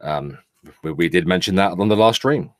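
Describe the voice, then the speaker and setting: Deep-voiced London man, dry teasing. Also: normal speed, no echo. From England. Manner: dry, teasing, reads and answers chat comments. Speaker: co-host of a live stream show. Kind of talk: casual live stream chat.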